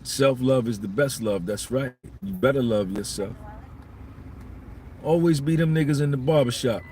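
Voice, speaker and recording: Blunt, profane podcast host lecturing. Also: male voice, medium pitch, normal speed, darkish tone, slight background noise. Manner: blunt, profane, lecturing, repeats his points. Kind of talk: live-streamed podcast monologue.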